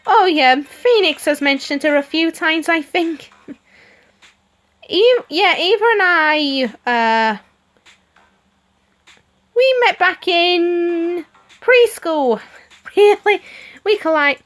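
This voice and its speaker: A woman's voice: very high-pitched, lively intonation, very slow, long pauses, a bit bright. A woman streamer reading a story game aloud, giggling and adding her own comments between the lines. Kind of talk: reading game dialogue aloud with playful voices.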